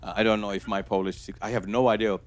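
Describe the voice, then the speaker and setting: A man doing a stand-up comedy set on stage before a live audience. He talks haltingly, with many restarts and fillers. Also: fairly low pitch, steady tone, noisy background. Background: audience laughter.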